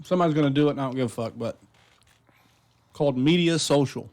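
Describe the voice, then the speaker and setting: A man's voice: medium pitch, fast talker, a little mellow. A man co-hosting a casual talk show, blunt and profane, talking with heat about being called stupid. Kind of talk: casual chat.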